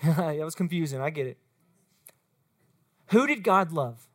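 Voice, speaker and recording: A woman's voice: sits low, measured pace. A woman, preaching as a youth pastor to middle school students and speaking straight to them. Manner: animated, talks straight to the students.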